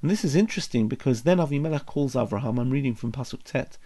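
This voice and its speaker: A man's voice: medium pitch, lively intonation, fast, mellow. A male Bible teacher giving a study lesson, thinking aloud and posing many questions. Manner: reflective, asks many questions.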